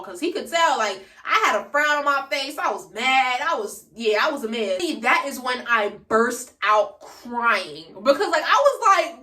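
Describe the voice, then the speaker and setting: Animated teen girl telling a storytime. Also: sits high, normal speed, hardly any pauses, recorded from a distance. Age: late teens. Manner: chatty, slangy storytelling, addresses viewers directly. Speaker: vlogger. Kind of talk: casual storytime vlog. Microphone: phone camera. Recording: echoey room, away from the mic.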